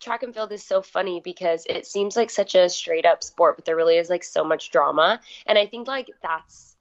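A young woman guest in her twenties, a little hoarse, chatting casually with lots of "like" fillers. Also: on the low side, normal speed, dull audio. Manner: chatty, filler-heavy, uses "like" a lot. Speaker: guest athlete. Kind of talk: casual interview chat.

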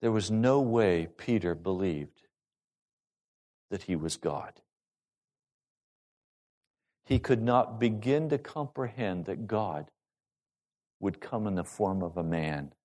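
A male pastor preaching a sermon to his congregation in an animated, rising and falling delivery. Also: fairly low pitch, slow pace, pauses often.

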